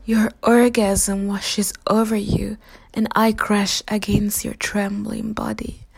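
A woman's voice: mid-range voice, flat delivery, takes it slowly, gravelly, husky. A woman speaking a teasing, dominant whispered role-play straight to the listener, often dropping into an unvoiced whisper. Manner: teasing, dominant, intimate second-person address.

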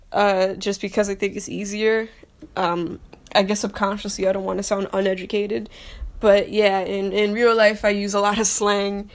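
Chatty young woman stumbling through a reading. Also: a little high. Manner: chatty, self-deprecating, stumbles over reading. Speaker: vlogger. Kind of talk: casual chat, reading aloud.

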